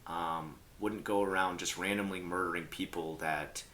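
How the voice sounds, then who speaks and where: A man with a very low voice tells tabletop gaming stories in a casual, rambling way. He leans on fillers and slips into acted-out quotes of other players. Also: normal speed, a little hiss or hum. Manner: rambling, filler-heavy, animated quoting. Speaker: role-playing game commentator. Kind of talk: casual storytelling to camera.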